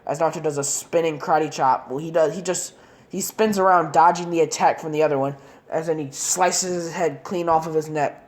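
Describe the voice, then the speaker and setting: A woman's voice: deep voice, fairly even intonation, a little fast, a little mellow. A woman casually narrating a fan-made story in long, rambling run-on sentences.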